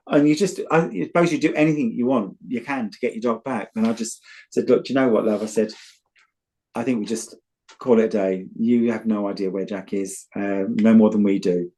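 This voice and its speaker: A man's voice: on the low side, moderate pace, warm tone. Chatty British man, blunt storyteller. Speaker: tarot reader guest. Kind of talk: casual chat and tarot reading.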